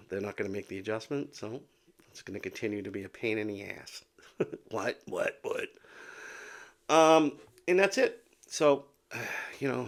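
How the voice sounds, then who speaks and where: A man in his fifties talks to his viewers in a loose, rambling way, stumbling over repeated words and sometimes sinking to a whisper. His voice has a gravelly, creaky texture at a middling pitch. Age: 50s. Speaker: vlogger with Meniere's disease. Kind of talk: casual talk to camera.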